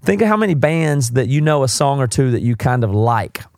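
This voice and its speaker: A man's voice: medium pitch, big pitch swings, brisk, a little mellow, no room sound, studio quality. A man with a Southern US accent, from South Carolina, hosting a show and answering a listener's music question in a chatty, rambling, frank way. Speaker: podcast host. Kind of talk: casual music advice talk.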